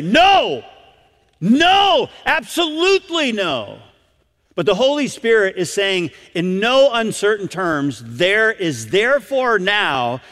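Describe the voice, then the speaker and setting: A man preaching a sermon to a congregation, stressing key words with sudden loud bursts. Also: sits high, big-room sound. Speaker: pastor.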